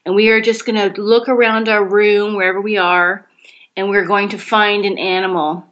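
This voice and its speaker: A woman's voice: medium pitch, level tone, normal speed, fairly bright tone, muffled recording. A woman leading a laughter yoga exercise, encouraging and explaining each step.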